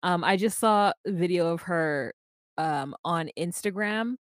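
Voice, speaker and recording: Woman co-host, casual and wry, lower pitch, dead-dry close recording. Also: a little slow, clear, resonant tone, no room sound. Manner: chatty, wry asides. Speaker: podcast co-host. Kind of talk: casual chat recapping a reality show.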